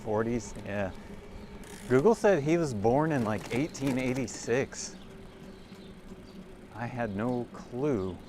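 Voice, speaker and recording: A man in his forties talks slowly, his medium-pitched voice full of lively intonation, as he livestreams from a cargo bike by a lake. He rambles, chats with viewers and amuses himself, and the ride brings clear background noise.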